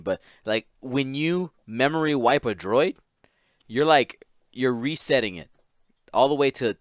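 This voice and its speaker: Smooth-voiced man chatting on a podcast. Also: medium pitch, no room sound, clean studio sound. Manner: giggly, rambling with many restarts. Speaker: podcast host. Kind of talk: casual podcast chat.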